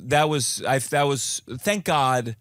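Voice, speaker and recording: A man's voice: mid-range voice, slow, dry recording, clean studio sound. A male comedian guest chatting and telling stories on a podcast, with many restarts. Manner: animated storyteller, stammering restarts. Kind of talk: casual podcast chat.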